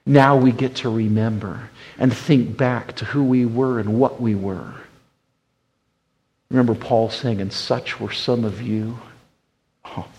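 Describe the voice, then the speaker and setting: Gravelly-voiced man preaching with dramatic swings. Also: low-quality recording. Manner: preaching with big swings from loud emphatic bursts to hushed low tones. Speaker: pastor. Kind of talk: sermon.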